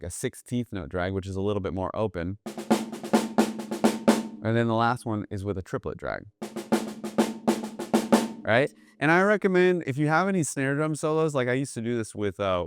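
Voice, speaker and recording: A man teaching jazz drumming in a relaxed, explanatory way, often checking in with "right?". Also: on the low side. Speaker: drum teacher. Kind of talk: casual instructional talk.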